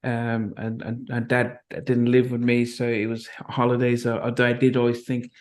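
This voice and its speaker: A middle-aged man from Nigeria hosting an interview, telling a story in a halting, reflective way with many restarts. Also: medium pitch, monotone. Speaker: interview host. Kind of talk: interview conversation.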